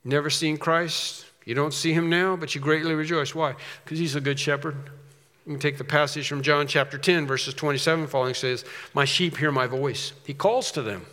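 A man preaching a sermon as pastor, swelling to loud, slowed emphasis on key phrases and dropping back to a quieter tone. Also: fairly high pitch, fairly even intonation, big-room sound.

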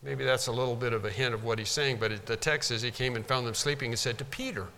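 A man's voice: mid-range voice, fast talker, bright, forceful tone. A man preaching a sermon, teaching from a Bible passage with emphatic repetition. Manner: emphatic, repeats for stress. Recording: long hall reverb.

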